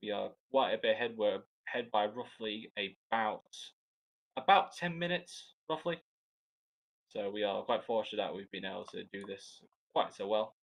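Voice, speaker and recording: A man's voice: fairly low pitch, normal speed, gravelly, rough recording. A man with a Scottish accent giving live air show commentary, chatty and joking, rambling with frequent restarts.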